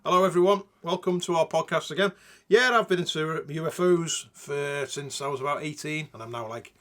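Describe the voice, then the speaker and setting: A man chats on a comedy podcast in a modest, easygoing way. His voice sits slightly high for a man. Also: brisk, a bit bright. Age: 50s. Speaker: podcast co-host. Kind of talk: casual comedic banter.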